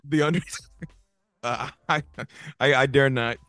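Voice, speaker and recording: A man co-hosting a casual movie review chat, talking in animated bursts with stammering restarts and sudden jumps between loud and soft. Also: mid-range voice, takes it slowly, no echo, studio quality. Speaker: podcast co-host.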